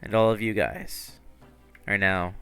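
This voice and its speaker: A man's voice: fairly low pitch, fairly even intonation, a little slow, sharp tone, clean tone, faint music behind. A man narrating a tabletop game as game master, in a casual style full of fillers and swearing.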